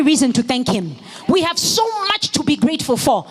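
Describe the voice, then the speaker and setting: A woman preaching a sermon in church, moving from storytelling into fervent, shouted exhortation. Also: sits high, very animated, normal speed, husky. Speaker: pastor's wife preaching.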